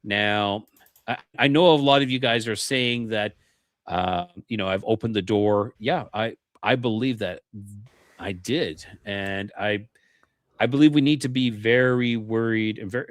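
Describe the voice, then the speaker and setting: A man's voice: on the low side, measured pace, no echo. A man guesting on a paranormal interview show, telling his experiences earnestly and often restarting his sentences. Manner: earnest, repeats words when starting sentences. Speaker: podcast guest.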